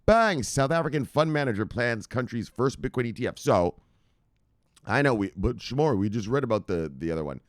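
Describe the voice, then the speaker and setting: A man's voice: mid-range voice, lively intonation, a little fast, dry recording, clean studio sound. A male host giving casual, loose crypto news commentary from his computer, chatty and profane, laughing often.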